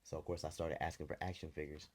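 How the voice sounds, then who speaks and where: Deep-voiced man telling stories. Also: little pitch movement, fast, darkish tone. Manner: storytelling, loose and candid. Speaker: podcast co-host. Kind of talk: casual chat.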